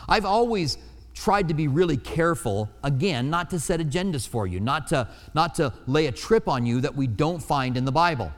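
A man's voice: mid-range voice, long reverb tail. A man preaching a sermon in a conversational way, acting out the quoted lines in different voices. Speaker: pastor.

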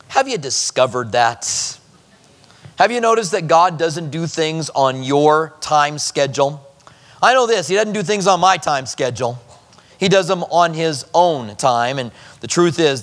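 A man's voice: fairly high pitch, fairly bright tone. Man preaching in a reverberant hall. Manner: teaching verse by verse, conversational asides. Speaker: pastor. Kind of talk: expository sermon.

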